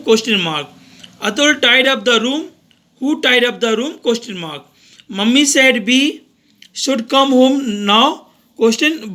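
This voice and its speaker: A man's voice: extremely high pitch, pushed and bright. A male teacher going through a grammar revision lesson for young students, reading each example aloud and then explaining it simply.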